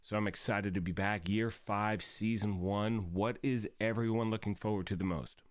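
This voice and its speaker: A man hosting a gaming live stream in upbeat, casual chat, his voice raspy from the early morning. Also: lowish voice, fairly even intonation, normal speed, dry recording. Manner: upbeat and chatty, greeting viewers.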